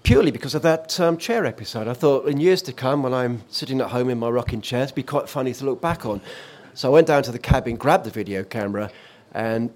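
A man's voice: mid-range voice, quick pace, few pauses, a little mellow. A man who worked as an offshore radio presenter, telling a vivid story in conversation with frequent fillers and restarts. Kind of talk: reminiscing in conversation.

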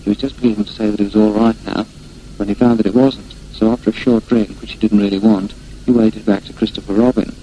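A man reading a children's storybook aloud in a gentle, unhurried way. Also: on the low side, fairly even intonation, slight background noise, poor audio.

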